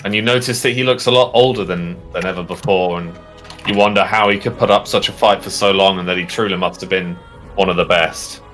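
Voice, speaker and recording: A man narrates a tabletop adventure as game master in a halting way, with many fillers and restarts. His voice is lowish with a bright, forward tone. Faint music plays underneath. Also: steady tone.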